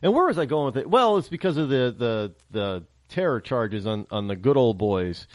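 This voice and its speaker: A man from the northern United States hosting a podcast, telling stories in a rambling, animated casual monologue. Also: medium pitch, normal speed, dry recording. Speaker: podcast host.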